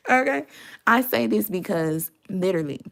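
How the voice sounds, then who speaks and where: A woman's voice: low voice, moderate pace, gravelly. A woman giving a casual, sassy tarot reading to her viewers, chatty and full of slang. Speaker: tarot reader.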